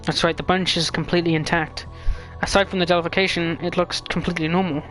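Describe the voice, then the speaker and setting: A man streaming a story game and reading its lines aloud in a fairly high voice. He trips over words and restarts, throwing in quick jokes between the dialogue. Quiet game music plays in the background. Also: flat delivery. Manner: stumbling over words, joking asides.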